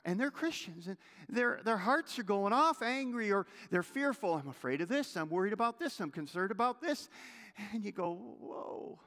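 A male pastor delivering a sermon, swinging from loud exhortation to hushed intensity. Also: sits high, very animated, moderate pace. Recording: long hall reverb.

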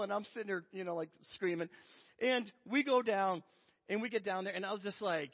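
A man's voice: high voice, normal speed, long pauses. A man preaching a sermon, telling a story with self-deprecating humor. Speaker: pastor. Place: church sanctuary. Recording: lo-fi with long hall reverb.

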